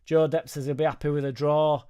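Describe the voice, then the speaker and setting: A man's voice: fairly high pitch, flat delivery, brisk, mellow, clean tone. Rambling, sweary man. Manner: rambling, sweary, jokey tangents. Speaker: football fan channel host. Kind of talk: casual live-stream chat reading viewer comments. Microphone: studio microphone on a boom arm.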